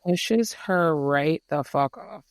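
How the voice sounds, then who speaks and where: A co-host with a mid-pitched voice chiming in with short, blunt reactions and opinions. The sound is dry, with no room echo. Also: takes it slowly. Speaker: podcast co-host. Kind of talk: casual chat.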